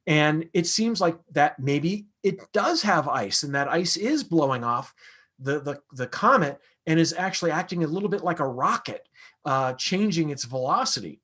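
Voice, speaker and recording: A man's voice: a little high, animated, moderate pace, fairly bright tone, husky. A man, an astronomer, answering audience questions in a casual, conversational lecture with frequent fillers and restarts.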